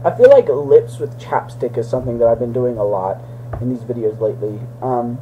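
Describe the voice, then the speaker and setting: A young man talking casually to the camera in a goofy, joking way, breaking into loud outbursts. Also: medium pitch, moderate pace, slight background noise, rough recording. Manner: goofy, jokey, with sudden loud shouted bits. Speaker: vlogger. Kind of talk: casual video blog to his brother.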